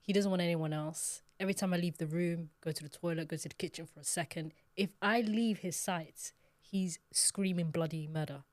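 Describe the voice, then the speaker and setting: A woman, a podcast co-host and mother, chatting casually in an animated, slangy way. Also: lowish voice, moderate pace, no echo. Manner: animated, slangy storytelling with mimicked shouts. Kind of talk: casual chat.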